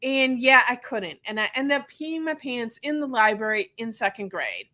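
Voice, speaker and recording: A woman's voice: a little high, very animated, normal speed, sharp tone. A woman hosting a podcast, talking about her work as a physical therapist and sharing a childhood story in a casual, earnest way.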